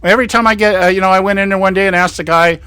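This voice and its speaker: High, bright-voiced man telling a story. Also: very fast, clean tone, dry recording. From California. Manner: animated storytelling, acts out quoted exchanges; laughs often at his own stories. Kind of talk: casual political chat.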